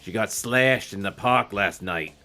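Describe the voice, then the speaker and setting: A man's voice: lowish voice, measured pace, sharp tone, voice pushed down. A man voicing a nervous teenage boy with a New York accent, reading a novel aloud with hesitant, mumbled lines. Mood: uneasy.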